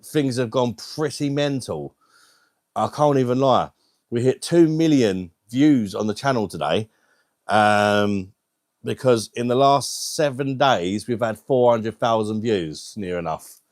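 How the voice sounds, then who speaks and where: A man's voice: mid-range voice, a little slow, darkish tone, dry recording, clean studio sound. Chatty man hosting a live stream. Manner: chatty, laughs often, greets viewers by name. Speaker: livestream host. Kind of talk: casual live stream chat. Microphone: wireless mic.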